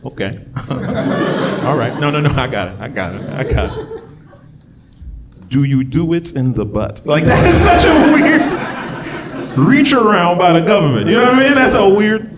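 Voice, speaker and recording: A man's voice: sits high, wildly swooping pitch, normal speed, heavy background noise. A man performing a stand-up comedy set on a club stage into a handheld mic, riffing in a loose, conversational way with asides to the crowd. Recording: live club with loud audience.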